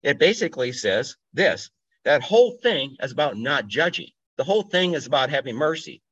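A man's voice: mid-range voice, big pitch swings, normal speed, a bit bright, slightly rough. Man teaching the Bible informally, muffled. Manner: informal, thinks aloud, asks listeners to think. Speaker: pastor. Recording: dull lo-fi audio.

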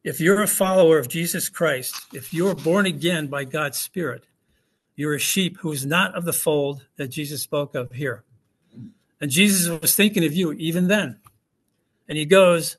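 A man's voice: a little high, moderate pace, fairly bright tone. A man preaching a sermon to a church congregation, talking in an easy way and asking rhetorical questions. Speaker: pastor.

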